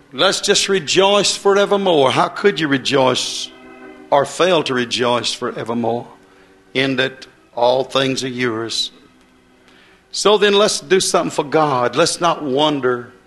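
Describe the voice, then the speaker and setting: A man preaching a sermon in a folksy, excitable way, swinging between loud bursts and soft asides. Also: medium pitch.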